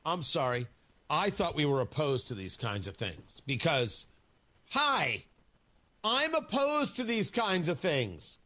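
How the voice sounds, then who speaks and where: High, lively, bright-voiced radio host. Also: male voice, takes it slowly. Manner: indignant, sarcastic, emphatic. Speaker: radio talk show host. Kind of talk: opinionated talk radio monologue. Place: radio studio. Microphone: studio microphone.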